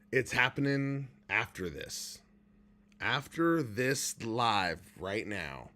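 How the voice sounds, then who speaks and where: A man's voice: mid-range voice, a bit bright. Emotional man sharing a candid recovery story. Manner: heartfelt and candid, at times choked up with pauses and sighs. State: emotional, near tears. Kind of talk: emotional personal livestream talk.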